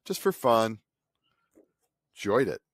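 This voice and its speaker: Fifties male artist, low voice, lively swings, sarcastic ramble; dry, close sound. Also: slow pace, dry recording. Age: 50s. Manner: cranky, sarcastic, mocking others in put-on voices. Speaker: artist vlogger. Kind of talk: casual rambling monologue. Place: home studio.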